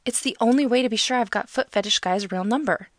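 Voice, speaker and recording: A woman narrating a first-person comic novel in a lively, expressive, wry way. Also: on the high side, quick pace, no room sound, clean studio sound. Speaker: audiobook narrator.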